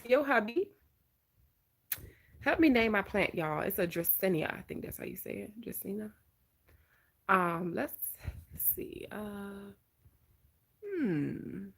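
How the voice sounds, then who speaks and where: A woman with a Southern American accent from Georgia, hosting a casual live-stream chat in an animated, expressive voice. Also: medium pitch, takes it slowly, long pauses, breathy edge. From Georgia, USA. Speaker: vlogger, host.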